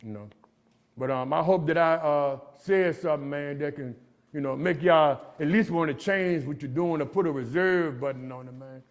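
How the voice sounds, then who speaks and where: Middle-aged guy, high voice, street talk, keeps saying man, recovery story at a jail. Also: moderate pace. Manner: storytelling, street slang, frequent "man" tags. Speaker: recovery speaker. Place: jail gathering room.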